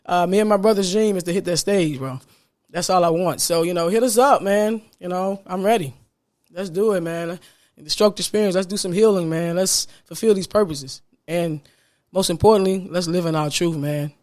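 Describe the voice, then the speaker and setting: A man's voice: high-pitched, moderate pace, a little mellow. A man hosting a podcast on his own, talking casually and from the heart, with a smile in his voice and "man" dropped in often. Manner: upbeat, smiling as he talks. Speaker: podcast host. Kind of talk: solo podcast monologue.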